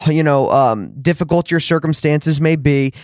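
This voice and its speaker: Dry, slightly high-voiced male host. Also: moderate pace, a little mellow, no room sound. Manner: earnest and encouraging, casual fillers like "man". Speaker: podcast host. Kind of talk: podcast interview, leading into prayer.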